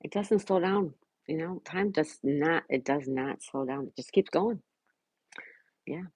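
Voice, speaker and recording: A woman's voice: low voice, unhurried, darkish tone, breathy edge, dry recording, low-quality recording. A middle-aged woman hosting a casual live stream from home, reading viewers' comments and greeting them by name with affectionate chatter. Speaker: livestream host reading chat.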